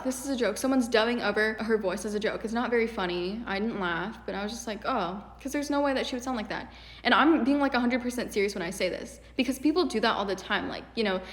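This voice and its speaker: A young woman vents through a casual critique vlog in an animated, exasperated way. Her voice sits a little high, and the room adds a long reverb. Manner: animated, exasperated, many fillers. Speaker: YouTuber.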